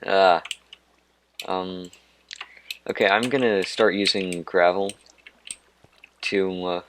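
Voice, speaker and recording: Male let's-play host, deep and unhurried, wanders off on tangents and pokes fun at himself. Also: steady tone, a bit bright, a little hiss or hum. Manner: rambling, digressive and self-mocking. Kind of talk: gameplay commentary.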